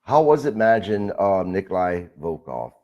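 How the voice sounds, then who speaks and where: A man's voice: sits low, sing-song, normal speed, mellow, muffled recording. A man hosting a podcast, asking loose, rambling questions in a casual interview. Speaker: podcast host.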